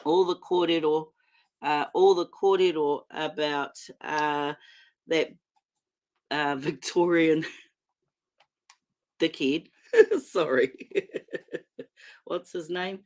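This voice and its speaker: A woman's voice: low-pitched, extremely slow, long pauses, darkish tone. A middle-aged woman with a New Zealand accent, hosting a casual livestream, talking in an impassioned, rambling way full of fillers and restarts into a computer mic. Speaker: livestream host.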